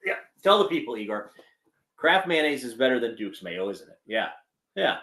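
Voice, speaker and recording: A man co-hosts a laid-back sports podcast, joking, laughing often, and launching into playful rants about food and football. His voice sits at a medium pitch and moves at a normal speed, sounding very animated, pushed and bright.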